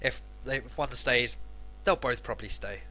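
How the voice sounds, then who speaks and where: A man's voice: medium pitch, normal speed, bright, forceful tone. A man co-casting a live esports match, giving analytical color commentary. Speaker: esports co-caster.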